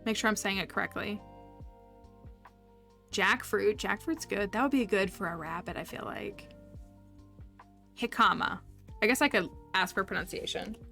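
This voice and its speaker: Bright-voiced chatty woman streamer. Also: medium pitch, moderate pace, gravelly, long pauses, faint music behind. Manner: chatty, upbeat, laughs often while reading chat. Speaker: livestreamer. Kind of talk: casual livestream chat with viewers.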